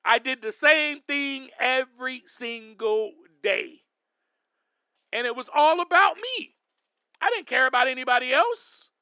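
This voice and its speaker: An emphatic man hosts a faith podcast and talks straight to his listeners as friends, breaking into sudden loud bursts. His voice sits high and bright, and he delivers it slowly. The sound is close and dry. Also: animated, clear, resonant tone, no echo. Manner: addresses listeners directly as friends. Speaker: podcast host. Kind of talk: faith-based podcast monologue.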